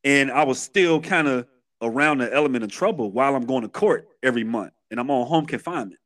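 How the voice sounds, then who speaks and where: A man's voice: medium pitch, quick pace, a bit bright. A man in his thirties from Chicago with a Chicago accent, a podcast guest retelling his past in candid, streetwise storytelling with many restarts. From Chicago, USA.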